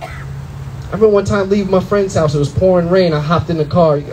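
A young adult man doing a loud, animated stand-up comedy set in a comedy club, full of profanity and acted-out voices. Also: sits high, quick pace, background noise.

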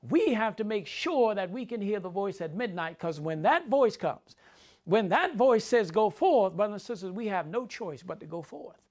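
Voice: mid-range voice, lively intonation, normal speed, a little mellow. A preacher giving a sermon, repeating key phrases for emphasis and speaking directly to the congregation.

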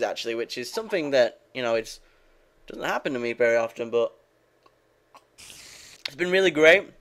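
Young man, casual gameplay chatter, rambling, swears a lot, smooth clear voice. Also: mid-range voice, fairly bright tone. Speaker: gaming video creator.

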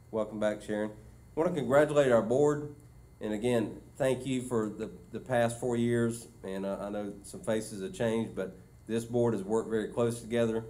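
A man's voice: lowish voice, mellow, slight background noise. Man giving a meeting report. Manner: conversational, many fillers and restarts. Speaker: school superintendent. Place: meeting room.

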